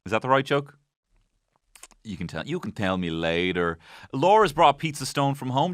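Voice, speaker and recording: A man's voice: medium pitch, sing-song, moderate pace, long pauses, no echo. A man hosting a comedy podcast from a studio. He recaps an episode in a rambling, jokey way and swears freely. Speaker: podcast host.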